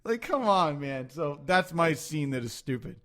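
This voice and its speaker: A man co-hosting a podcast, talking about movies in a loose, animated way, with lots of swearing and laughter. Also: on the high side, normal speed. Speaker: podcast co-host. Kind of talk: casual chat about movies.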